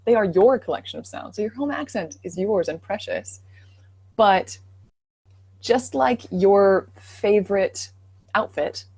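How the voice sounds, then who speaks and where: A woman's voice: medium pitch, darkish tone, slightly rough, no room sound. Female guest coach on a live Q&A; affirming, explains through analogies; dry, close recording. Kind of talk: live online Q&A.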